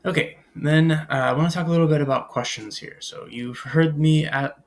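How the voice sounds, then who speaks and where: Gravelly man teaching French vocabulary. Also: a little high, moderate pace. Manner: explains in English, models French words and phrases aloud, frequent "uh" and "um". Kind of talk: recorded language lecture.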